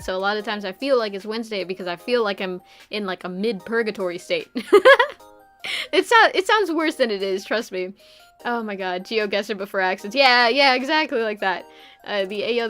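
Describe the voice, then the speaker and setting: A woman's voice: medium pitch, a bit bright. A young woman streamer chatting casually, rambling with lots of fillers and frequent giggles. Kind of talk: casual live-stream chat.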